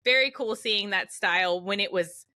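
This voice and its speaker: Young woman, podcast co-host, bright voice, casual chat, animated, acts out quotes. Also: medium pitch, moderate pace. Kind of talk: casual chat recapping a TV episode.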